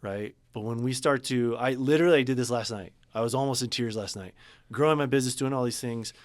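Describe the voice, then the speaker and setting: Guest business coach, man, earnest, lively storyteller in casual chat. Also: mid-range voice, fast. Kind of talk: casual interview talk.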